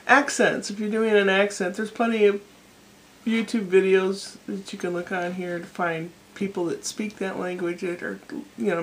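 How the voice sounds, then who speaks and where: A middle-aged American woman talking casually to her camera at home, rambling from one thought to the next with self-deprecating asides. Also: medium pitch. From United States. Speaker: vlogger. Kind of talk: casual rambling vlog monologue. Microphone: camera microphone.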